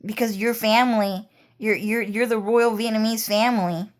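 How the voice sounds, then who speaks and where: A woman's voice: on the high side, steady tone, moderate pace. A woman talking in a rambling, repetitive monologue, casual and peppered with swearing. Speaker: vlogger.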